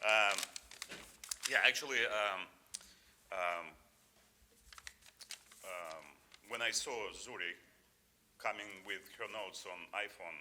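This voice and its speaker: A man's voice: lowish voice, slow, pauses often, bright, forceful tone, slight background noise. A man in his fifties with a non-native English accent, giving an informal award acceptance speech full of fillers and restarts. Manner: hesitant, many fillers and restarts, jokey.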